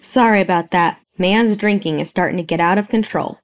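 A woman voicing a gruff middle-aged male police chief who talks firmly and curtly. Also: lowish voice, brisk, close to an everyday voice. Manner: firm, clipped and stern.

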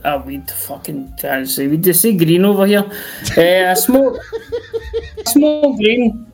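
A man's voice: high-pitched, slow pace, darkish tone, faint music behind. A Scottish man chatting as a guest on a stream, tipsy and sweary, rambling through jokes. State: tipsy from drinking. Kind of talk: casual chat.

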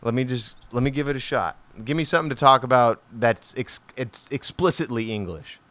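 A man's voice: medium pitch, a little fast, fairly bright tone, dry recording. An American man co-hosting a podcast in loose, joking casual chat, swearing freely. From United States. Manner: loose, joking, swearing, half-rapping at times. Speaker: podcast co-host.

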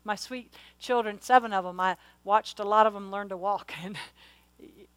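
A woman's voice: mid-range voice, normal speed, clean tone, no echo, poor audio. Passionate woman preacher, dry sound. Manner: passionate, rising to loud exhortation. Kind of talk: sermon.

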